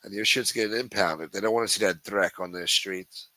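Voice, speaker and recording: A man's voice: deep voice, brisk, pushed and bright, no room sound, rough recording. A man hosting a livestream, ranting with constant profanity in a sneering, contemptuous way. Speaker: livestream host.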